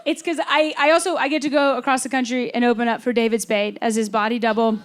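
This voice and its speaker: Self-deprecating kentucky woman doing stand-up on stage, high-ish voice, faint noise behind. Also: fast, a crowd in the background. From Louisville, Kentucky. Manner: self-deprecating, animated storytelling. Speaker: stand-up comedian. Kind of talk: stand-up comedy set. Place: theater stage before a laughing audience.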